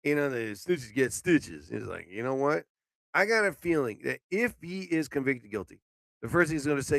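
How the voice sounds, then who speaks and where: A man's voice: medium pitch, sing-song, normal speed, gravelly, no room sound. Rambling sleepy man hosting a live stream. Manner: rambling, loud outbursts, swearing, jokey. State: sleepy, yawning. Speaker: live show host. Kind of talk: casual solo live stream rant.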